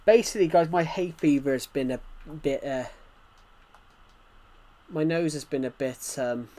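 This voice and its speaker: A man's voice: on the high side, measured pace, warm tone. Chatty man streaming a game. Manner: rambling, chatty, answers chat messages aloud. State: nose bothered by hay fever. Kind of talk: live-stream gameplay commentary.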